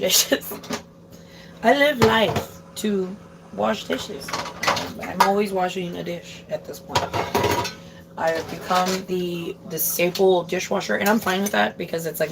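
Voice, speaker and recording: Heavy background noise surrounds a young streamer with a low-leaning, vocal-fry voice as she does dishes in her home kitchen. She chats casually, as if cooking, swears freely, and sprinkles in Spanish phrases.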